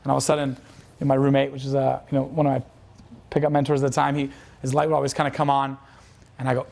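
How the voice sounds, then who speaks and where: A man's voice: mid-range voice, monotone, very fast, vocal fry, pauses often, darkish tone. A man telling a dating coach's story as a lesson, casual and profane, with lots of fillers. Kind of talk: instructional storytelling.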